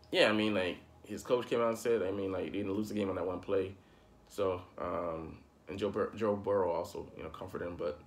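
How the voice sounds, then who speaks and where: Um homem falando sozinho sobre futebol americano em tom de conversa, divagando, com palavrões e explosões de irritação. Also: male voice, low voice. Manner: rambling, profane, heated bursts. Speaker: sports commentary host. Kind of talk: casual solo sports talk.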